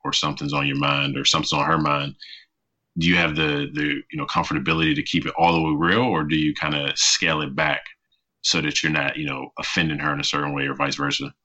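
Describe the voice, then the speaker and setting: A man's voice: very deep voice, little pitch movement, quick pace, sharp tone. A man hosting a podcast, asking long meandering interview questions with many fillers. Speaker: podcast host.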